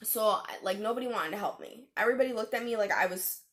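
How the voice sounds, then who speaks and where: A young adult woman talks straight to her viewers, telling a personal story in a relaxed, chatty vlog style. Her voice sits at an ordinary middle pitch, and she peppers her telling with slang and casual fillers. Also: fast. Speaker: vlogger.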